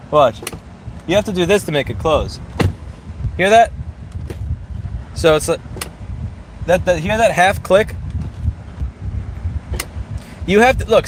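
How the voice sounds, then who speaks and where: A man's voice: fairly high pitch, slight background noise. A man hosting a casual driving vlog, ranting bluntly and sarcastically with lots of swearing while demonstrating a car door. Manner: blunt, profane, sarcastic rant. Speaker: vlog host. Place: in and around a car outdoors.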